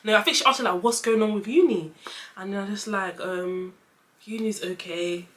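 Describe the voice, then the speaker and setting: A young woman chats through a personal story to her camera, her bright, clear voice sitting at an ordinary pitch. She leans on fillers and slips into quick little voices when quoting others, keeping the whole thing loose and conversational. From London, England. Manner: chatty, lots of fillers, acts out dialogue in quick voices. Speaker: vlogger. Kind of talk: casual storytelling chat.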